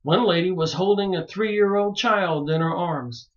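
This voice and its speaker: Brief: man with a high voice, emphatic monologue, dull lo-fi sound. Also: a little slow. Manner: emphatic, rising to pleading exclamations. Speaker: video maker reviewing books. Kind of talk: monologue to camera.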